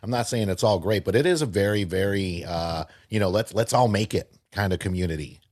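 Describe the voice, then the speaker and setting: Easygoing male podcast co-host, deep voice, loose conversational delivery. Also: fairly quick, a little mellow, no room sound, clean studio sound. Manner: easygoing, repeats words. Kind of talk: casual podcast chat.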